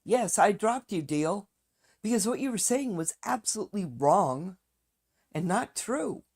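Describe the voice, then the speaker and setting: A woman's voice: medium pitch, animated, unhurried, a little mellow, husky. A woman streaming live, talking bluntly and with heavy profanity as she rants straight to her viewers. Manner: fired-up ranting to viewers. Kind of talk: casual live-stream chat.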